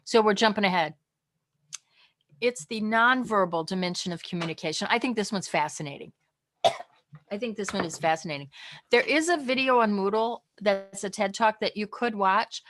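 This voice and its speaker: A woman teaching a college communication class online from home, chatty and lively, acting out different tones of voice. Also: medium pitch.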